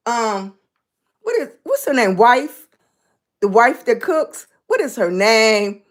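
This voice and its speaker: A woman's voice: a little high, very animated, slow. An older woman hosting a casual livestream, chatting with her viewers and thanking them by name. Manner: chatty, thanks viewers by name, folksy Southern-style speech. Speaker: livestream host. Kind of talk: casual live-stream chat.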